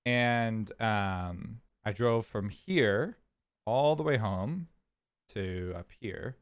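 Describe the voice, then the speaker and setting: A man's voice: on the low side, drawn-out words, clear, resonant tone, dry recording, clean studio sound. A man from California streaming, telling a story in a casual, rambling, chatty way. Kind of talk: casual chat.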